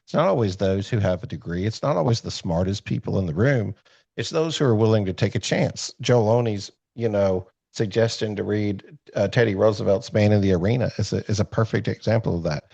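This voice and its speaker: A man's voice: fairly low pitch, brisk, gravelly, warm tone, husky, dry recording. A man hosting a podcast, telling a story in a rambling, self-deprecating way with many fillers and restarts over a video call. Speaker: podcast host. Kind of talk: casual storytelling chat. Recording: dull lo-fi call audio.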